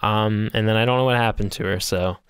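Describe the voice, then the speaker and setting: A man's voice: lowish voice, steady tone, fairly quick, a bit bright, clean tone, no echo, clean studio sound. A man co-hosting a podcast, telling rambling stories in casual chat, laughing often and swearing casually. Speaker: podcast co-host.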